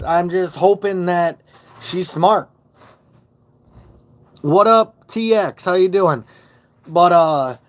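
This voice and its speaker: Rambling, swearing man live-streaming. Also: fairly high pitch. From Michigan. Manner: rambling, swearing, loses his train of thought. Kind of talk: casual live-stream chat. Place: home basement. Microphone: phone.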